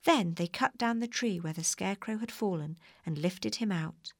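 A woman reading a children's storybook aloud in an expressive, clear way. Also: medium pitch, moderate pace, no room sound, studio quality.

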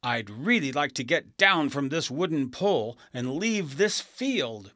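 A man voicing a bored, brainless scarecrow with a slow, sad drawl in a storybook reading. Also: on the high side, very animated, sharp tone, no room sound, studio quality, full character voice.

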